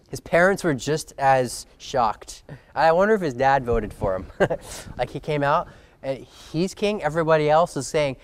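A man's voice: on the high side, moderate pace, a little hiss or hum. A man preaching a sermon in a conversational way, reading verses aloud and acting out quoted voices.

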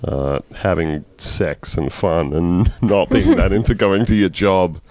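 A man's voice: low-pitched, unhurried, darkish tone, dry recording. A man co-hosting a casual comedy podcast, dropping sarcastic asides while reading out facts. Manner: wry, playful, reads facts with sarcastic asides. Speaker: podcast co-host.

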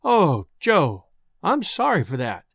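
A woman's voice: low-pitched, wildly swooping pitch, slow pace, gravelly, slightly rough, no echo, studio quality, exaggerated voice. A man voicing a cheerful, tender young woman in a spoken story, with a lifted, lilting voice.

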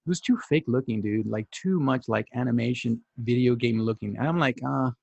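A man's voice: medium pitch, brisk, gravelly, dry recording, dull audio. A man in his forties in casual banter about movies, acting out lines with big swings of voice. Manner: animated, acts out quotes with big voice jumps.

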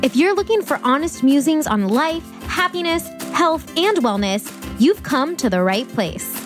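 A woman co-hosting a podcast, chatting casually with a giggly, quick manner. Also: high-pitched, big pitch swings, music in the background. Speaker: podcast co-host. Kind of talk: casual chat.

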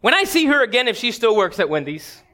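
This pastor's voice is extremely high, sing-song and sharp, and he talks fast. During his sermon he shares a personal story with candid humor, directly addressing the congregation.

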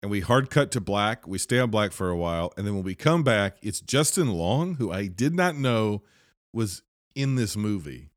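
A man with a fairly low voice talks through a horror film's story in a loose, rambling way. He fills his sentences with "like" and restarts. The sound is dry and close, with no room echo. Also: animated, normal speed. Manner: rambling, filler-heavy, lots of "like". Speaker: film reviewer. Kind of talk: casual movie recap.

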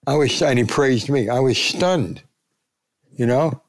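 A man's voice: medium pitch, measured pace. An older man, a retired sports columnist, telling anecdotes as a guest and acting out the voices he quotes. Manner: gravelly, acts out quoted voices.

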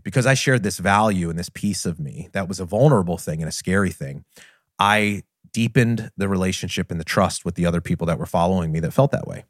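A middle-aged man hosting a podcast, candidly retelling a personal story in an earnest, animated way. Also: low voice, fairly quick, dry recording, clean studio sound. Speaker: podcast host and business trainer.

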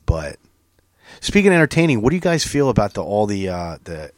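A man's voice: fairly low pitch, a little fast, no echo, studio quality. Profane rambling man telling a story. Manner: profane, rambling, animated storytelling with many restarts. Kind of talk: casual chat.

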